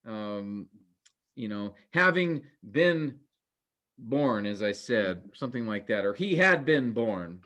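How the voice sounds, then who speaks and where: Male teacher, relaxed and chatty, earnest, many ums and restarts. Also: mid-range voice, takes it slowly. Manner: relaxed and conversational, with frequent fillers and restarts; earnest, cautionary. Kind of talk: informal class lecture.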